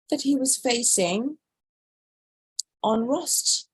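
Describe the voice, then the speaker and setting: Female host, husky and unhurried, dry close sound, chatty and incredulous news commentary. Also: mid-range voice, no echo, low-quality recording. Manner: chatty, incredulous, reads headlines aloud. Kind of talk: casual news commentary livestream.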